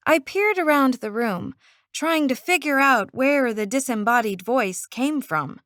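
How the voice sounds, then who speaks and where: Expressive woman narrating an audiobook. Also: high voice, no room sound, studio quality. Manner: expressive, unhurried. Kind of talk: first-person audiobook narration.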